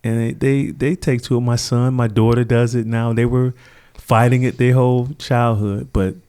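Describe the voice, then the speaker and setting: Earnest man with a mellow, warm voice. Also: medium pitch, flat delivery, normal speed, clear, resonant tone. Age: middle-aged. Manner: earnest, reflective, acts out quoted people. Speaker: podcast guest. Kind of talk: conversational interview storytelling.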